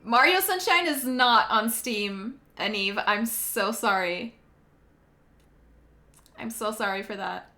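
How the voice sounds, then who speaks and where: Giggly woman, slow and bright. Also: on the high side. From Quebec, Canada. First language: French. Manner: giggly, apologetic, chatty. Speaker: streamer. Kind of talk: casual chat with stream viewers while gaming.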